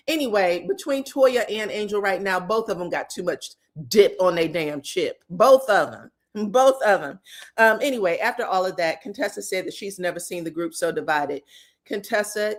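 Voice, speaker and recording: Sassy lady recapping reality tv drama, loud and laughy, medium voice. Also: medium pitch. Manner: sassy, animated, frequent laughs and slang. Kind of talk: casual gossip recap.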